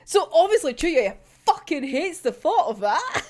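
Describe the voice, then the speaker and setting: A woman's voice: high-pitched, expressive, takes it slowly, pauses often. A young woman casually talking through a manga chapter, giggling often and swearing freely as she gushes. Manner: giggly, swears a lot, gushing. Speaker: manga reaction channel host.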